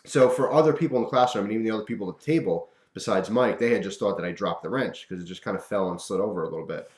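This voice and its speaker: A man casually telling a personal story to camera, animated and chuckling, acting out the voices of the people in it. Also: fairly low pitch, very fast. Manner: animated, acts out quoted voices, chuckles often. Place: room at home. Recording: roomy echo.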